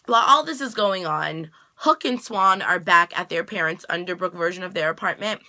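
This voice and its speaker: Bright, chatty woman recapping a show. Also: on the low side, normal speed. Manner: chatty with slangy asides. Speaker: vlogger reacting to a TV episode. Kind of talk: casual episode recap.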